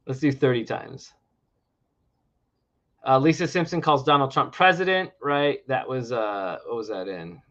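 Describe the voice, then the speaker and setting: A man's voice: medium pitch, a little slow, a bit bright. A man co-hosting a casual livestream, ranting and sarcastic as he talks. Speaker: livestream co-host. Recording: lo-fi stream audio.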